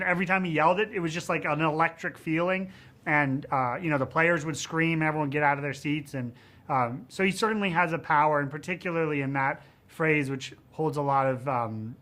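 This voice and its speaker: A man in his thirties, a film director giving a promotional interview, rambling with many fillers and growing animated as he tells stories from the set. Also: a little high, normal speed. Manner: rambling, frequent "you know what I mean" and "um"; gets animated and louder telling set stories.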